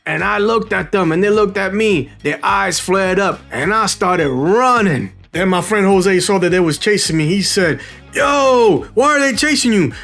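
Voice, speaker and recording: A middle-aged man from the Bronx with a New York accent, telling a story in a casual, slangy, animated way. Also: sits high, normal speed, gravelly, hardly any pauses, soft background music. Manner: animated, slangy, acts out quoted voices.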